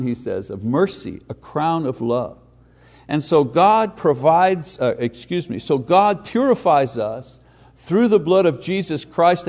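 A man preaching a sermon, slowing for emphatic phrases and dropping to quiet asides. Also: on the high side. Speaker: pastor.

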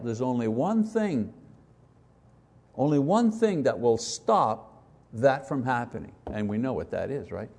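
A man's voice: mid-range voice, expressive, a little slow, a little mellow. A man teaching an informal Bible lesson in a conversational way, with frequent restarts and rhetorical questions.

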